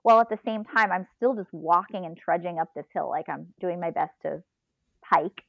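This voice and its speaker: A woman telling a long personal story in a casual, animated way, laughing and acting out her own inner voice. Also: lowish voice, moderate pace, creaky, no room sound, muffled recording. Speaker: podcast guest, ultrarunner.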